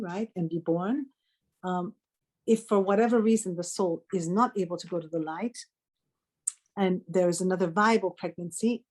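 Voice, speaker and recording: A woman's voice: fairly low pitch, a little mellow. A middle-aged woman, a spiritual healer guest on a podcast, telling a personal story in an earnest conversational way with frequent restarts and self-corrections.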